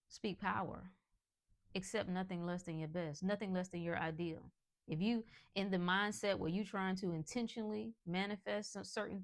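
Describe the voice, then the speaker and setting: A woman hosting a podcast, delivering an emphatic, preachy motivational monologue in colloquial speech, breaking into laughs. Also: medium pitch. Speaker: podcast host.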